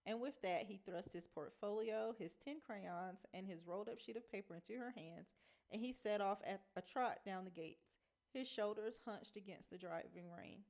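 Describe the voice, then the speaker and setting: A woman teacher reading a novel aloud in a measured storytelling manner. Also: mid-range voice, creaky, a little mellow.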